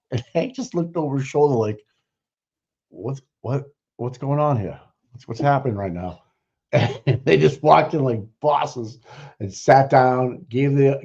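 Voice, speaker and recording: Man, Boston accent, livestream co-host, casual rambling commentary, opinionated, mid-pitched voice, muffled lo-fi audio. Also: darkish tone. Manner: rambling, opinionated, laughs often, trails off with fillers. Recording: dull lo-fi stream audio.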